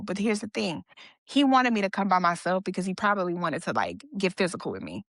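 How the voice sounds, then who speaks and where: Speaking fast in an animated, lowish, slightly bright voice, a young podcast guest recounts a personal story casually, acting out quoted dialogue and using fillers. The sound is dry and clean, studio-recorded.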